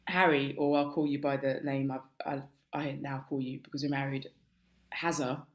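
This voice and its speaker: A woman's voice: extremely low pitch, flat delivery, moderate pace. A woman playing a fed-up young royal wife who complains wryly and hesitantly, over a video call.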